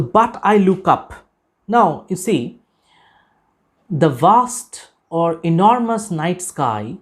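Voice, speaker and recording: A man lecturing on a poem, deliberate and emphatic, repeating key phrases and pausing often with "uh". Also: a little high, a little mellow. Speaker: literature lecturer. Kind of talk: recorded lecture explaining a poem.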